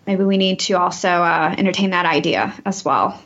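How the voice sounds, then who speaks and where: A woman playing a tabletop game, talking hesitantly with many pauses and fillers. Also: fairly low pitch, fairly bright tone. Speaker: player. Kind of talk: casual tabletop role-play. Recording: dull lo-fi recording.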